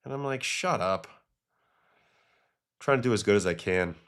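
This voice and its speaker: A man with a somewhat low voice hosts a relaxed livestream. He chats loosely as he reacts to game clips and reads chat questions, mixing stories with quick takes. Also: clean tone. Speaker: host, former pitcher. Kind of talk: casual livestream commentary.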